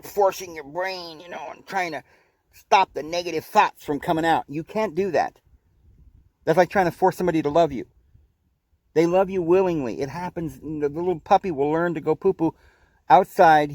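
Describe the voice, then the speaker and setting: A man hosting a podcast, giving an earnest, preachy spiritual talk, often halting and repeating words. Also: on the high side, a little mellow, no echo. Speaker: podcast host. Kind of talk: spiritual teaching monologue.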